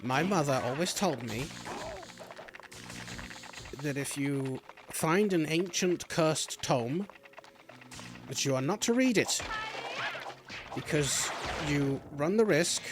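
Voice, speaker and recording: A man's voice: fairly high pitch, animated, slow, long pauses, noisy background. A man streaming a video game, giving casual, rambling commentary with jokes and remarks aimed at the game and the camera. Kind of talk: casual let's-play commentary. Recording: game music playing behind.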